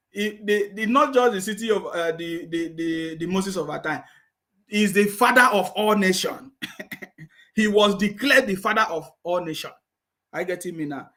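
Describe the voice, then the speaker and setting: A political commentator with a Nigerian accent speaks in a medium-pitched, fairly bright voice. He taunts his targets, laughs often, and keeps repeating "you understand me."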